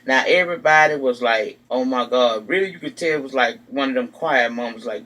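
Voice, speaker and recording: A man's voice: fairly high pitch, moderate pace, hardly any pauses, fairly bright tone. A man giving a casual, gossipy, profane recap of a reality show, now and then acting out what the cast said. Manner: sassy, profane, gossipy storytelling; acts out quotes of the people he recaps. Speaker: TV recap vlogger.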